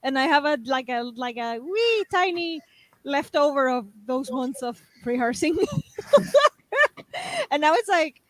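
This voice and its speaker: A woman co-hosting a casual group chat, telling stories in an animated way. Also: high-pitched, a little slow, no room sound. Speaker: co-host.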